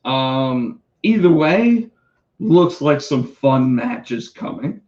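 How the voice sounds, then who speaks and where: A man co-hosting a casual wrestling chat, rambling with restarts and fillers, his voice going hoarse. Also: medium pitch, lively intonation, drawn-out words, darkish tone, lo-fi sound. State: losing his voice. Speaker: podcast co-host.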